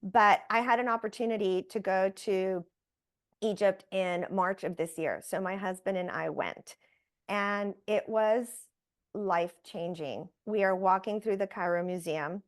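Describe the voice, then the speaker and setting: Woman guest telling her story, lively, mimics what people said to her. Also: mid-range voice, measured pace. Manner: animated, acts out quoted voices. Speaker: interview guest. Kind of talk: personal storytelling.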